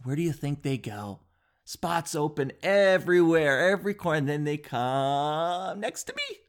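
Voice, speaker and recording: A man's voice: on the high side, a little slow. Rambling man telling a funny story. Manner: rambling, animated, with filler words and self-interruptions. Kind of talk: casual comedic storytelling.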